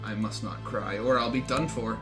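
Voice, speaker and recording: A man streaming a game, reading its story text aloud in an excitable way, often swearing and laughing. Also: fairly low pitch, normal speed, music in the background.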